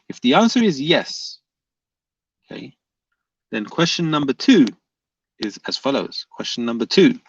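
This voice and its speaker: A man's voice: mid-range voice, no echo. A man hosting a livestream, pressing his chat with repeated questions and reading their comments aloud. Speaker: livestream host debating chat. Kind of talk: casual livestream debate. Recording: dull lo-fi dry sound.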